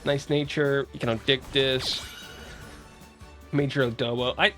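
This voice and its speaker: On a casual stream with faint music behind, a young East Coast American reads out chat and greets his viewers in a chatty way. His mid-range voice is sharp in tone, with a flat delivery and measured pace.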